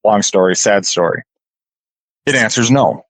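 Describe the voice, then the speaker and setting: A man's voice: on the low side, measured pace, no room sound, poor audio. Earnest man fighting back tears. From California. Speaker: guest. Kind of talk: personal story in a radio interview.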